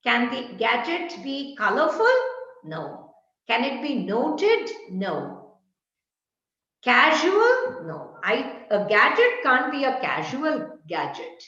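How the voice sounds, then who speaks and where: An English teacher gives an online lecture over a video call, her high voice bright and forceful, slow, with wildly swooping pitch. She quizzes the class and then firmly answers her own questions. The audio is dull and lo-fi, from an echoey room.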